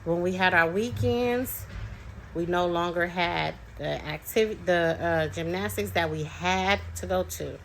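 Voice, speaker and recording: Speaking as a parent, a young woman casually chats through her story, often using fillers and starting over. Her voice is on the low side, unhurried and gravelly, and the low-quality recording carries a slight hiss or hum.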